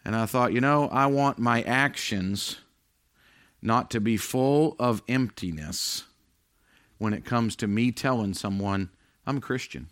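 A middle-aged man preaches to his congregation in an earnest, confessional way. His voice sits at an ordinary pitch and swings from raised, urgent stretches down to quiet, hushed ones. The sound is dry and close, with no room echo. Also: a little slow. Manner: earnest, confessional preaching, rises loud then drops quiet. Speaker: pastor. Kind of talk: sermon.

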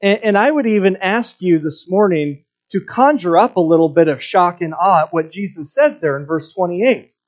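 A man preaching a sermon in a fairly high voice, earnest and prone to repeating words as he restarts his thoughts. The recording has a somewhat dull, lo-fi sound. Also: moderate pace, few pauses. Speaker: pastor.

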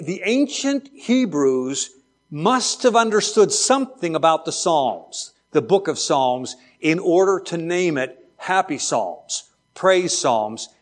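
A man teaching a Bible lesson to a class, chatty and digressive, with joking asides. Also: fairly high pitch.

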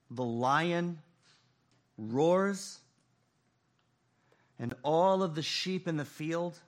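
Male pastor, slow deliberate sermon delivery, dramatic swings from loud to hushed. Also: medium pitch.

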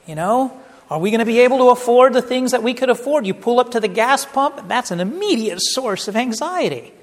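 A man's voice: very high voice, lively intonation, fairly quick, in a large hall. A middle-aged man preaching a sermon as pastor, conversational, with humorous asides.

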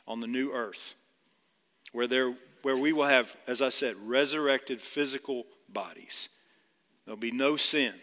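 A man's voice: medium pitch, sharp tone, long reverb tail. A male pastor from Georgia preaching a sermon in a conversational way, often checking in with "right?".

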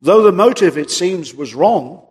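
A man's voice: high-pitched, lively intonation, slightly rough. A man preaching a sermon, reading scripture aloud and pressing his points with earnest emphasis. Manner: earnest, rising emphasis on key words; reads scripture slowly in a raised voice. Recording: long hall reverb.

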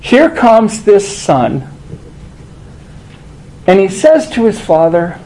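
A man's voice: sits high, big pitch swings, takes it slowly, dark tone, low-quality recording. A man preaching a sermon, conversational and emphatic, asking rhetorical questions.

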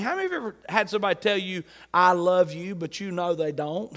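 A high-voiced man delivers an emphatic sermon. He reads scripture aloud and keeps coming back to key phrases. His words echo with a long church-hall reverb. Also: expressive, fast, few pauses, a bit bright. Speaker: pastor.

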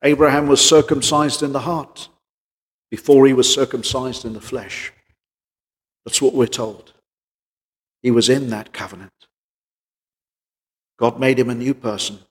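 A man preaching a sermon in an earnest voice, pressing his points with rhetorical questions and swinging between loud emphasis and quieter passages. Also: medium pitch, fairly even intonation, a little slow, long pauses, in a large hall.

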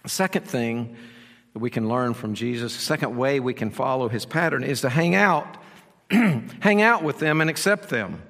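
Pastor preaching in a reverberant hall. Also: male voice, medium pitch, normal speed, fairly bright tone. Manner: explanatory, with rhetorical questions and repeated phrases. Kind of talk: sermon.

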